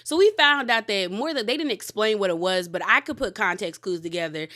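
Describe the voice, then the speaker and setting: A woman's voice: mid-range voice, brisk. A woman giving a casual recap of a reality show, chatty and frank, airing blunt opinions and talking back to the cast. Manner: animated, talks back to the cast. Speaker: reality TV reviewer.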